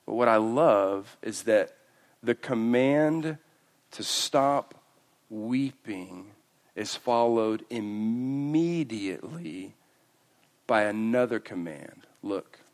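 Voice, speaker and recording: Preacher swinging from hushed to booming. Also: male voice, animated. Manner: swings from hushed and slow to loud and emphatic. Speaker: pastor. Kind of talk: sermon.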